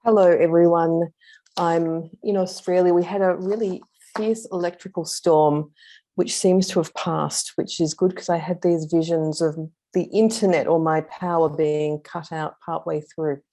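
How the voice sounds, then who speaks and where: Creaky, dark-toned woman presenting. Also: on the low side, steady tone. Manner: measured, with frequent ums. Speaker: invited speaker on law. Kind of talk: online conference presentation. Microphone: video call.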